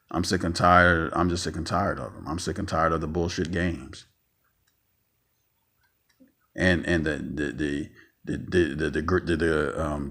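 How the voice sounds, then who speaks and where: A man's voice: a bass voice, a bit bright. A man ranting angrily in a vlog monologue, profane and stammering, repeating himself and sounding emotionally tired.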